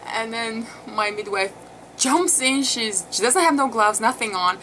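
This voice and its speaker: A woman's voice: fairly high pitch, moderate pace, sharp tone, poor audio. Chatty emotional woman telling her story. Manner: emotional, chatty, frequent laughs and fillers. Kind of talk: casual vlog storytelling. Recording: clear background noise.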